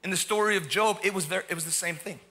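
A man's voice: high voice, fast, pushed and bright. A man preaching a sermon from a church, impassioned, rising into cries when he voices believers' words. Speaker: pastor. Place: church sanctuary.

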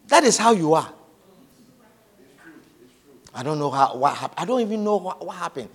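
High, lively preaching man. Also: normal speed, pauses often. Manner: repetitive emphatic preaching, swinging from soft to loud. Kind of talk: sermon.

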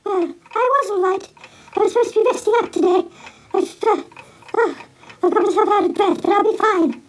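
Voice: very high-pitched, fairly quick. A performer voicing Ig, a timid, worried helper who stammers and hesitates and is out of breath. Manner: hesitant, many ums and stammers.

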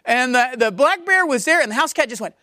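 A woman's voice: high-pitched, animated, fairly quick, pushed and bright, dry recording, studio quality. A woman pastor preaching a sermon, emphatic and repeating key phrases for force.

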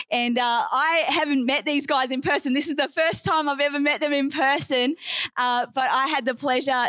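A woman's voice: sits high, fairly bright tone. A woman from New Zealand with an Australian accent, a guest evangelist praying fervently and preaching to a church congregation, with frequent fillers and asides. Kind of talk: prayer and sermon to a congregation. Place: church service.

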